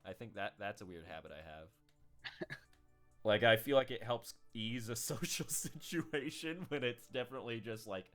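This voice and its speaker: A man's voice: medium pitch, normal speed, a bit bright, faint music behind. A man streaming a game, chatting casually and laughing often.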